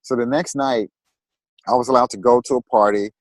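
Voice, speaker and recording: A man, a guest on a talk show, telling a personal story in a halting way and repeating words when moved. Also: mid-range voice, steady tone, no room sound, rough recording.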